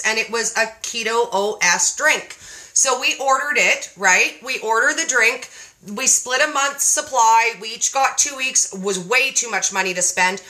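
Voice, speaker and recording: A woman hosting a casual chat, telling a story in a playful, animated way. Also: a little high. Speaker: host.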